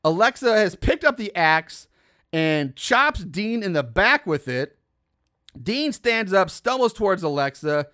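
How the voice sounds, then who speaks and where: A man's voice: sits high, very animated, measured pace, pushed and bright. A young man casually recapping a film's plot as a podcast host, swearing and adding incredulous asides with laughs.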